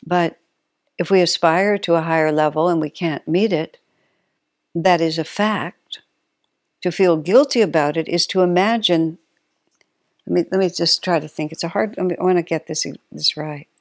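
A woman giving a reflective spiritual talk. She speaks thoughtfully, stopping to find the right words and correcting herself as she goes. Her voice is low for a woman and sounds dry and close. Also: normal speed, dry recording.

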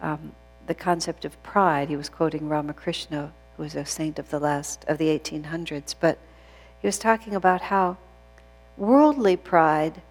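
A woman's voice: on the low side, darkish tone. A woman teaching a spiritual class, telling stories in an earnest way with frequent fillers and restarts. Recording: long hall reverb.

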